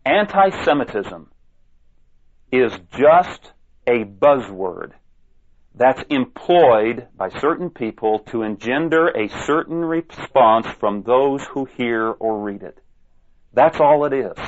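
A man's voice: mid-range voice, animated, takes it slowly. A man speaking alone who reads passages aloud and answers them with emphatic rhetorical questions, often stumbling and restarting. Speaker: ministry speaker. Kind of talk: monologue rebuttal reading quotes aloud. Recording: dull lo-fi recording.

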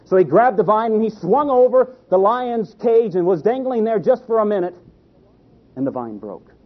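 A man preaching a sermon in a folksy storytelling way, often halting and restarting his sentences. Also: high-pitched, lively intonation. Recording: dull lo-fi recording.

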